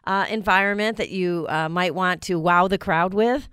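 A talkative woman hosts a casual chat, laughing easily and stumbling over repeated words. Her voice sits a little low, recorded close and dry with no room sound. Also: moderate pace, fairly bright tone, clean tone, no echo. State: recovering from weeks of illness. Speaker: host.

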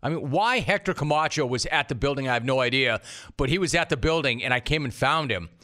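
Bright, wisecracking male radio host. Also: mid-range voice, lively intonation. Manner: wisecracking, fast banter. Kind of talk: sports talk radio.

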